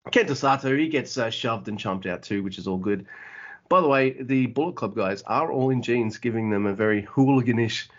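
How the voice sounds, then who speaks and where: A man with an average-pitched voice recaps a match for a podcast, casual and full of uhs and likes. He curses cheerfully when something impresses him. The sound is dull and lo-fi. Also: fairly quick. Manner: enthusiastic, filler-heavy, swears casually. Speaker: podcast co-host.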